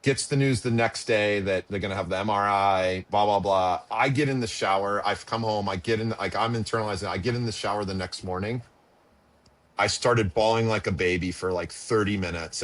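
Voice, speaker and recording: Emotional middle-aged man with a low voice. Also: a bit bright. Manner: halting and emotional, with frequent restarts and "like". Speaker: podcast guest, former pitcher and father. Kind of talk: emotional storytelling in conversation.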